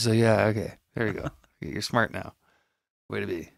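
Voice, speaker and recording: A young man hosting a casual podcast chat, joking around and acting out his toddler's lines in a high voice. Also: brisk, creaky, no room sound, studio quality. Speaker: podcast host.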